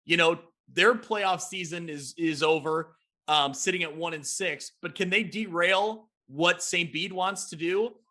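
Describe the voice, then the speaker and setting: A man hosting a sports talk podcast who gives energetic, quick recaps of high school football games. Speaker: podcast host.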